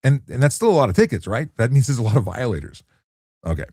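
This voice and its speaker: A man, a traffic cop, hosting a relaxed late-night live chat and answering viewer questions in an easygoing way, often repeating words as he restarts. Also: mid-range voice, fast talker, breathy edge, no room sound, clean studio sound. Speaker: traffic cop and livestream host.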